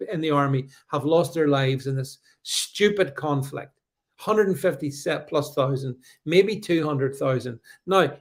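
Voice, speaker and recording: A middle-aged man hosting a live stream, combative and sarcastic, with many fillers and restarts as he reads out viewer comments. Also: on the high side. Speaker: livestream host.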